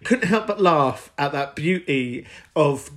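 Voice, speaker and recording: A man's voice: a little high, expressive, slow. A man hosting a podcast, chatty and camp with frequent giggles. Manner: camp, giggly, warm-hearted asides. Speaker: podcast host.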